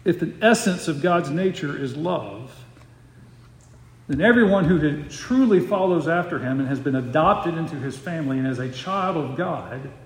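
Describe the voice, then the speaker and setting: Man preaching in an echoey hall. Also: on the high side. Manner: slows to stress key phrases, repeats words. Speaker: pastor. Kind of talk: expository sermon. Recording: roomy hall reverb.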